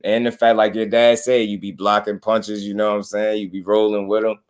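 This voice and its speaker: A man's voice: lowish voice, flat delivery, a little fast, smooth. A man hosting a boxing channel live stream, chatting casually with slangy, laid-back talk and greeting viewers.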